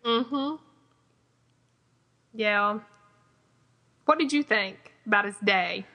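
A woman's voice: medium pitch, drawn-out words, sharp tone. A woman co-hosting a casual chat about TV episodes, skeptical and reading from her notes. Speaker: podcast co-host.

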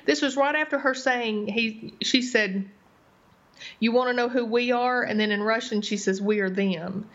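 A woman, casually retelling a TV drama scene by scene as a podcast co-host. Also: medium pitch. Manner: animated storyteller, retells scenes in detail. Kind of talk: casual TV recap chat. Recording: slightly dull lo-fi recording.

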